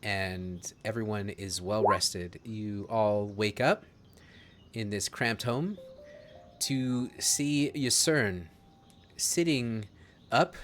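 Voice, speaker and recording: Man, game master, slow measured narration, lowish voice, faint music under it. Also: fairly bright tone. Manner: measured, descriptive, jokey asides.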